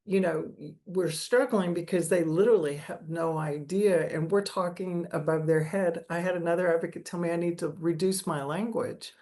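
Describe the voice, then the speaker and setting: Quick-talking earnest woman co-host. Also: lowish voice, steady tone, mellow. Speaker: advocate, co-host. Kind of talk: casual webinar talk.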